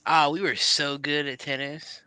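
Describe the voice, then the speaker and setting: A man's voice: a little high, level tone, measured pace, pushed and bright, smooth. A man chatting on a video call, playful and boastful, close to his mic. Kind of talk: casual chat. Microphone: close home mic.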